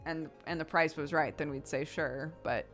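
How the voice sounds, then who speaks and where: Woman streamer, 30s, lower-pitched, easygoing chatter with frequent laughs. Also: a little fast, soft background music. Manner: relaxed and chatty, laughs often. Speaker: streamer answering chat. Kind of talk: casual chat.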